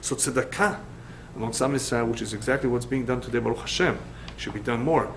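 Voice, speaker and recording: Middle-aged rabbi lecturing, punchy, repeats himself for emphasis, plain mid voice. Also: male voice, mid-range voice, quick pace, a little hiss or hum, poor audio. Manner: emphatic, repeats key phrases; lively storyteller. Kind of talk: Torah study lecture.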